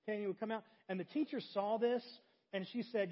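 A young adult man preaching a sermon, telling a story with big swings between loud animated moments and quiet intimate ones. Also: high voice, quick pace, husky, lo-fi sound. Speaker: pastor.

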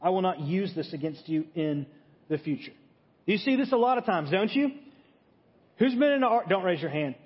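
A man's voice: high-pitched, very animated, normal speed. A man preaching a sermon in a conversational teaching way, often checking in with his listeners. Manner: conversational teaching, frequent "okay?" check-ins. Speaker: pastor. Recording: muffled sound with long hall reverb.

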